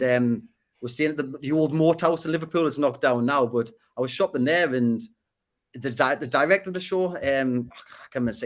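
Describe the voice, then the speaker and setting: Fast-talking Geordie man. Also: mid-range voice. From Northeast England. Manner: rapid, repeats and restarts words. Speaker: podcast guest. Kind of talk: casual interview storytelling.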